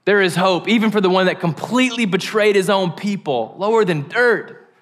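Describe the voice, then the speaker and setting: A man preaching a sermon, animated and joking, acting out the quoted voices. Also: high voice, normal speed.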